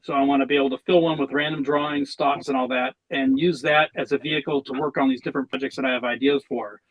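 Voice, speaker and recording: Speaking in a mid-range voice at a fast clip, this guest artist on a casual podcast jokes around and talks about his work, stumbling and restarting now and then. The recording has its high frequencies cut off.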